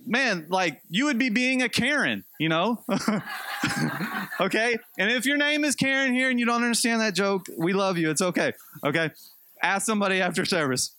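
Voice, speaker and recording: Male pastor, sermon, high voice, casual storytelling, joking asides, dry close sound. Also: normal speed, no echo. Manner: conversational, animated storytelling with light humor.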